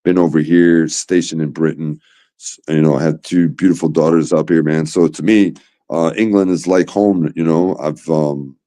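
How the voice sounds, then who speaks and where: A man's voice: very deep voice, steady tone, normal speed, warm tone. An American man chatting casually on a stream, laid-back and repeating words, often saying "man". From United States. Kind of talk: casual chat. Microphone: streaming call.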